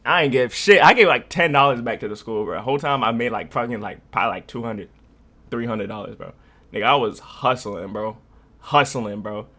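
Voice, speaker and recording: A man's voice: medium pitch, fairly quick, pushed and bright. A young man from North Carolina rambling in slangy casual reaction commentary. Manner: rambling, slangy, laughing storyteller. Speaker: reaction streamer.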